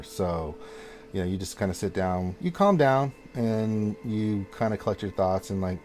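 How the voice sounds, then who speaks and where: A man's voice: fairly low pitch, fairly even intonation, normal speed, a little mellow. A man narrating as dungeon master in a casual online tabletop game, rambling with lots of fillers.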